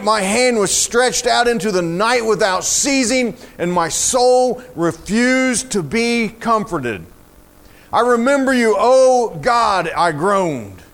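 Slow, fervent man with a high voice. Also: fairly bright tone. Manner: slow, fervent, rising to emotional emphasis. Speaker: preacher. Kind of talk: sermon with scripture reading.

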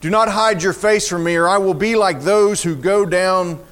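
A man preaching a sermon, reading scripture aloud in a slow, fervent way that rises to emotional emphasis. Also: high-pitched, fairly bright tone.

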